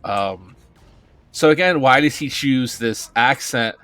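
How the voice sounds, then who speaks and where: A man's voice: mid-range voice, lively intonation, takes it slowly, fairly bright tone, smooth, dry recording, faint music behind. Blunt rambling male streamer. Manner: rambling, hesitant, restarts, blunt. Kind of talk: casual commentary over a game.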